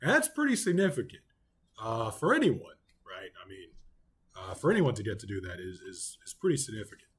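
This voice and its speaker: A man with an Oklahoma accent teaching a Bible study in a relaxed, conversational way, full of ums and you-knows. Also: on the low side, a little fast, breathy edge.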